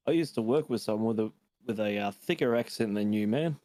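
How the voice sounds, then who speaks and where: Wry low-voiced man on voice chat. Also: fairly quick, warm tone, dry recording. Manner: wry, anecdotal. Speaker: fellow player on voice chat. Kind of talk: casual game chat.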